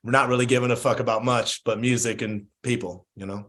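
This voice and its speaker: A man's voice: mid-range voice, fairly even intonation, a little fast, a bit bright. A man guesting on a podcast, chatting casually, laid-back, swearing freely and acting out the voices of people in his stories. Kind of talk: casual chat.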